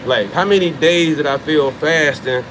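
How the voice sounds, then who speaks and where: Man, 30s, fitness motivator: fired-up, profane, hammers lines by repeating them. Voice sits a bit high, with a faint hum behind. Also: normal speed. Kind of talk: motivational monologue.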